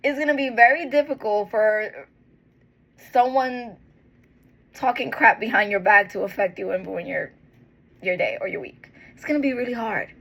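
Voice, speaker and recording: A woman giving a heartfelt, encouraging monologue as a vlogger, earnest and tender, with pauses and restarts. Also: mid-range voice, gravelly, a bit bright, breathy edge, poor audio. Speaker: motivational vlogger.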